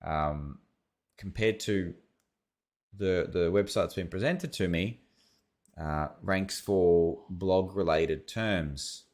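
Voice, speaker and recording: A man's voice: sits low, takes it slowly, a little mellow. A man with an Australian accent reviewing websites as an SEO consultant, thinking aloud in a casual, rambling way. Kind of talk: casual screen-share commentary.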